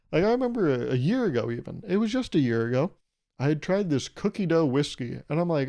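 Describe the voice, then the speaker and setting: On his casual solo podcast, a twenty-something host rambles and jokes, cursing freely and performing small quoted back-and-forths. He talks a little fast, in a slightly high, dark-toned voice with big pitch swings.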